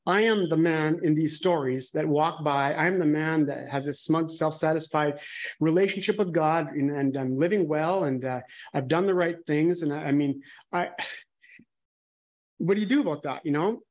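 A man's voice: on the high side, moderate pace, highs cut off. A man preaching a conversational sermon, candid and musing, thinking aloud and often restarting his sentences.

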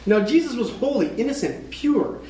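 A male preacher with a high voice delivers a dramatic sermon. He sinks to a hush and then climbs toward a shout. The sound carries the echo of a roomy hall. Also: sing-song, moderate pace, a little hiss or hum. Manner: dramatic, swings from hushed to shouting.

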